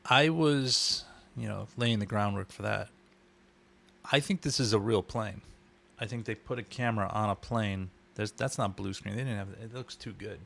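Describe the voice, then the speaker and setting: A man's voice: on the low side, moderate pace, gravelly, a bit bright. A man co-hosting a casual movie commentary, chatty and musing, often trailing off mid-thought. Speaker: podcast co-host.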